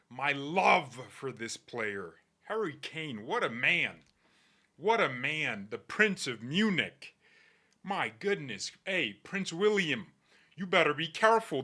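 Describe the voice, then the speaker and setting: A man's voice: mid-range voice, bright, forceful tone. A man hosting a football fan channel, talking in a hyped, joking, over-the-top way. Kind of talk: excited fan commentary vlog.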